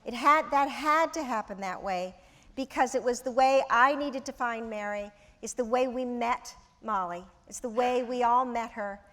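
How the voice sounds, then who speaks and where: A woman in her sixties, an actress guest telling lively anecdotes with laughter in an onstage interview. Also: on the high side, normal speed. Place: large auditorium. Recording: long hall reverb.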